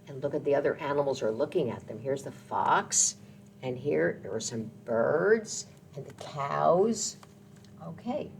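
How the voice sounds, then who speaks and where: A woman's voice: low voice, animated, a little slow, vocal fry, slight background noise. Sing-song woman reading to children. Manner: gentle, sing-song, with sound effects. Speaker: children's librarian. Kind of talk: children's storytime read-aloud.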